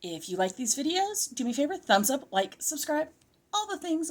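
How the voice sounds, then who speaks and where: Her voice is high and her speed normal as she chats casually through a homeschool curriculum review. She's a middle-aged vlogger from California, animated, slightly out of breath, and prone to interrupting herself.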